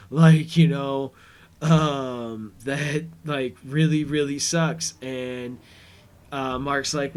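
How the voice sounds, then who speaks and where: Male podcast host, unhurried rambling recap, mid-pitched everyday voice. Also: steady tone, darkish tone, clean tone. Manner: rambling, retells scenes with paraphrased quotes. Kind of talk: casual episode recap commentary.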